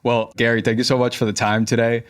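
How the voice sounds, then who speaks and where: A man's voice: mid-range voice, flat delivery, quick pace, clear, resonant tone. A man hosting a business podcast, asking questions and closing the show in a friendly, upbeat way. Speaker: podcast host. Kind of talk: interview and show outro.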